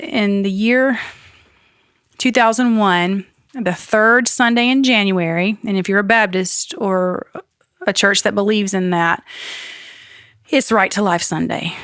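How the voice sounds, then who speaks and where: A woman giving a personal faith testimony as a podcast guest. She tells it as an earnest, animated story with some self-deprecating humor. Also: medium pitch, no echo, studio quality.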